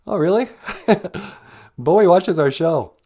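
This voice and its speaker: Upbeat Minnesotan podcast host. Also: male voice, sits high, animated, unhurried, mellow. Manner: upbeat, chatty, laughing easily. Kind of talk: comedic podcast sketch.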